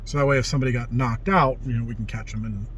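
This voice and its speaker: A middle-aged man tells stories from his own life in an easygoing, rambling way and slips into livelier voices when he quotes others. His pitch sits in an ordinary middle range, and a faint background noise runs under the recording. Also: rapid-fire. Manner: rambling, animated when quoting people. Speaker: vlogger telling life stories. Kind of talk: casual storytelling.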